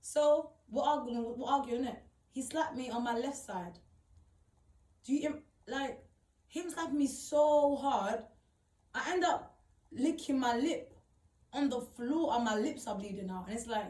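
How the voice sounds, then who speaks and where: A woman's voice: a little high, unhurried, a little mellow, distant mic. A woman tells her own story in emphatic, repetitive, slang-heavy talk. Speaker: storyteller recounting her experience. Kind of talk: personal storytelling. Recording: roomy, voice off-mic.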